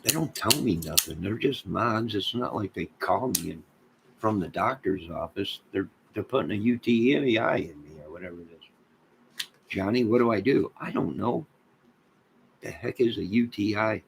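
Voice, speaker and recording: A man hosting a livestream, rambling and joking in a deadpan way as he talks to viewers in chat. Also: lowish voice, normal speed, vocal fry, very noisy. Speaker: livestream host.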